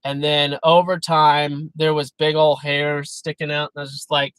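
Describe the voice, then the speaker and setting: A man's voice: on the high side, level tone, normal speed, few pauses, fairly bright tone, clear, resonant tone, no echo, rough recording. A man hosting a live stream, talking casually but emphatically about faith, often breaking off and restarting. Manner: emphatic, earnest, self-interrupting. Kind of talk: casual preaching chat.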